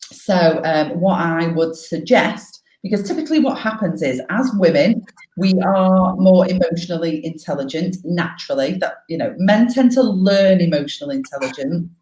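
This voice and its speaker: A frank, animated woman coaches live and swears freely. Her voice sits a little low. The sound carries a clear echo off the room walls. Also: moderate pace. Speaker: life coach.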